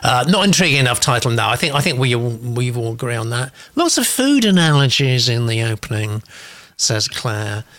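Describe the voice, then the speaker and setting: A man's voice: medium pitch, big pitch swings, moderate pace, fairly bright tone. A man hosting a live stream, chatty, reading out viewer comments with asides. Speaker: host.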